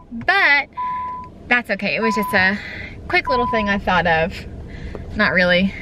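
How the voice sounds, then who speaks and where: A young woman, chatting excitedly in a casual vlog, says "like" a lot. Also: on the high side, noisy background. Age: young adult. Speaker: vlogger. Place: in and around a car, partly outdoors in wind.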